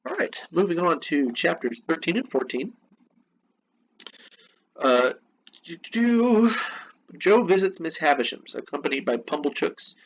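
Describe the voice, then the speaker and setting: A man reading lesson notes aloud and explaining them with casual, chatty asides. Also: medium pitch. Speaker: teacher. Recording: dull lo-fi recording with faint noise.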